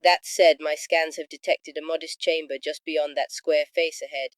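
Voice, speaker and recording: A man's voice: a little high, flat delivery, normal speed, no echo, voice pushed up, lightly acted. A man voicing a clever female Time Lord with a sarcastic, slightly smug manner. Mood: dry.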